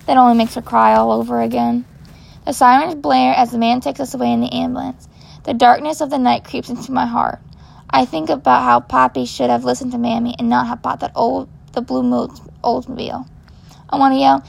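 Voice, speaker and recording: A woman reading a first-person story in a child's voice, gentle and measured. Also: sits high, flat delivery, creaky. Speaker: narrator.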